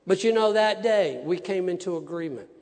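A male minister preaching a testimony sermon, voicing each exchange with animation. His voice sits high for a man. The sound hangs in a long church reverb. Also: normal speed. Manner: animated storyteller acting out dialogues. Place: church sanctuary.

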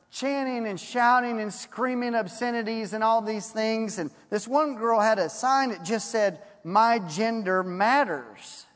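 Preacher, male, high voice, folksy storyteller, slow on scripture; hall reverb. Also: a bit bright. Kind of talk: sermon.

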